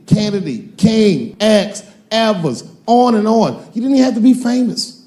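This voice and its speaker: Stand-up comic with a high voice. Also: male voice. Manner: storytelling with sudden shouted punchlines and acted-out voices. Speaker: stand-up comedian. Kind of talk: stand-up comedy set. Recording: roomy hall with long reverb.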